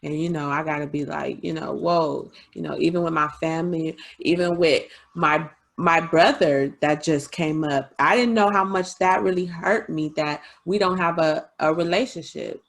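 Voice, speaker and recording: A woman talks openly in a casual podcast chat, confiding and chatty. Her voice sits slightly low, and she often breaks into laughter and quick asides. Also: gravelly. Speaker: podcast host.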